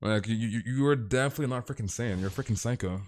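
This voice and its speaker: A man's voice: medium pitch, fast talker, darkish tone. A man streaming a game and ranting in casual chat, swearing and filling his talk with "dude" and "like.". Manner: swears and repeats himself.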